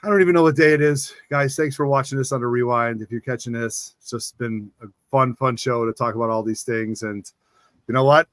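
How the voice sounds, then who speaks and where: A man's voice: mid-range voice, fairly even intonation, fairly quick, a bit bright, dry recording. A man hosting a casual live-stream chat. He reacts eagerly and repeats exclamations. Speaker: show host.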